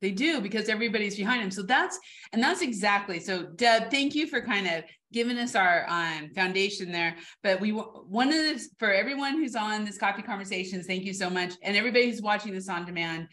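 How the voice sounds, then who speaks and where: A woman hosting a panel webinar, upbeat and quick as she steers the talk. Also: medium pitch, lively intonation, sharp tone. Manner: upbeat, quick, running the conversation. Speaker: host.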